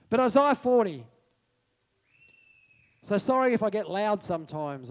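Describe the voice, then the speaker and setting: A man preaching a passionate sermon, swinging between loud proclamation and soft musing and calling out to the congregation for responses. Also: high-pitched, very animated, a little slow, pauses often.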